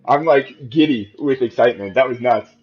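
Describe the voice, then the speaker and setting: A man giving chatty, excitable live commentary on his own game stream. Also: mid-range voice, normal speed. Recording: muffled mic with faint music.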